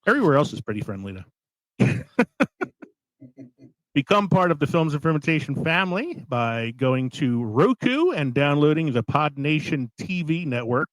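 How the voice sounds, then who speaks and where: A man's voice: a little high, no room sound, poor audio. A man hosting a casual podcast, laid-back and swearing freely, recorded in a small studio. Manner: laid-back, swearing, laughing between lines. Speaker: podcast host.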